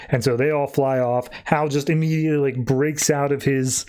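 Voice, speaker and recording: A man's voice: medium pitch, level tone, normal speed, few pauses, darkish tone, clean tone. A man hosting a podcast, loosely retelling a comic plot with plenty of fillers. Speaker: podcast host. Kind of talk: casual comic recap.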